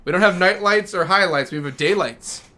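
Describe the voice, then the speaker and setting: A man's voice: high voice, a little fast, pushed and bright. A man streaming a game live, chatting casually and talking affectionately to his dogs. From Minnesota.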